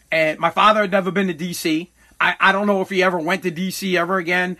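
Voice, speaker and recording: A middle-aged man from Massachusetts hosts a podcast and tells a personal story, stumbling, correcting himself and swearing as he goes. His voice sits high and has a bright, cutting edge. Under it all he sounds weighed down by regret. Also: fairly even intonation, a little fast. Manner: rambling, profane, self-correcting; heavy with regret.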